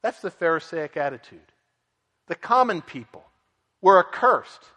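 A man's voice: fairly high pitch, expressive, measured pace, sharp tone. Earnest preacher man in a reverberant hall. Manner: earnest expository preaching with dramatic quoted voices. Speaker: pastor. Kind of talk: sermon.

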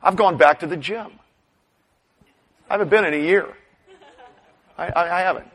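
A middle-aged man preaching a sermon, animated, swinging between loud bursts and hushed asides. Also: high voice, moderate pace, low-quality recording. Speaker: pastor.

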